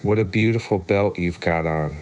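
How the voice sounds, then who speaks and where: A man's voice: deep voice, moderate pace, darkish tone, highs cut off, a little hiss or hum, lightly acted. Alice, a man reading a polite little girl. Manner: polite and earnest. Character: polite, curious seven-year-old girl.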